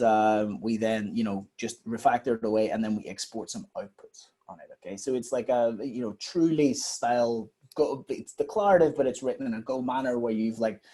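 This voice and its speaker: A man walks through a software demo in a technical webinar. His voice is mellow and a little husky, at an ordinary pitch. He rambles and repeats words for emphasis. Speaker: guest software engineer.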